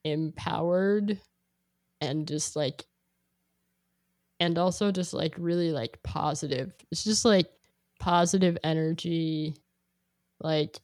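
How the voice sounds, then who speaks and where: A young woman talks through her thoughts at a slow, meandering pace, leaning on "like" between every phrase. Her voice sits a touch low and comes across dry and close, with no room around it. She perks up when quoting her own reactions. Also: dry recording. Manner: rambling, heavy use of "like", animated when quoting. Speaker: guest sharing a playlist. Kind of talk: casual chat.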